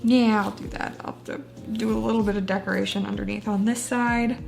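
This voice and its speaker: A woman's voice: mid-range voice, fairly even intonation, fairly quick, creaky, soft background music. A woman chatting casually while she decorates a journal page, self-deprecating and laughing often. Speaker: booktuber. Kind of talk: casual chat while crafting.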